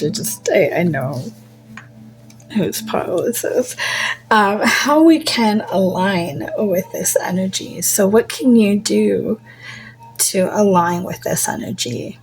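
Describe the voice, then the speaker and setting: A woman giving a casual tarot reading, musing slowly, trailing off with fillers and slipping into soft near-whispers. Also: medium pitch, animated, slight background noise, rough recording. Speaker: tarot reader.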